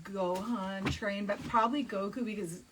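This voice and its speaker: A woman's voice: medium pitch, moderate pace, far from the mic, slight background noise, low-quality recording. A woman on a livestream panel, bantering and teasing the others. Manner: teasing and lively. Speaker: voice actress guest.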